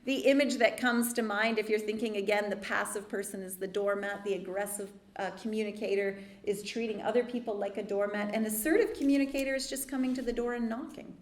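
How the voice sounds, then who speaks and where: A woman therapist giving a workshop talk, explaining calmly with lively asides. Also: mid-range voice, fairly quick, hardly any pauses, echoey room. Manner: calm explanatory teaching with lively dramatic asides. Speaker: therapist leading a church workshop.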